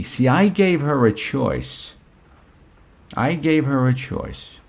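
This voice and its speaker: A middle-aged man telling a family story as a parenting speaker, conversational and unhurried, often saying "you know". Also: medium pitch, expressive, gravelly, muffled recording. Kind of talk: storytelling talk.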